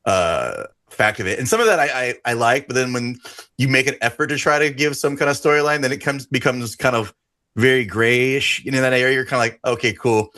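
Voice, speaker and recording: Bright-voiced rambling man co-host. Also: mid-range voice, a little fast. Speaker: podcast co-host. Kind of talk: casual chat.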